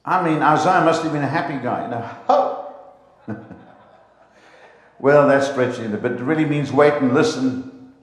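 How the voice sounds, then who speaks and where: A man preaching a lively sermon in a church, playful and animated, often acting out the voices of God and his congregation. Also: mid-range voice, moderate pace, long pauses. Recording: echoey hall, long reverb.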